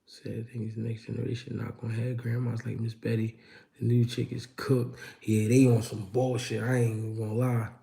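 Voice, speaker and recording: A man's voice: medium pitch, completely flat delivery, moderate pace, creaky, dark tone. Slangy, laid-back male livestream host. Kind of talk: livestream chat.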